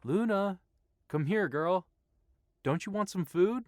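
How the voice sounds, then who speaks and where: A man's voice: high voice, expressive, slow pace, no room sound, studio quality, pitched above the performer's own voice. A man voicing a young man in an audiobook, crooning to his puppy in a sing-song way. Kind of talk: audiobook character voice.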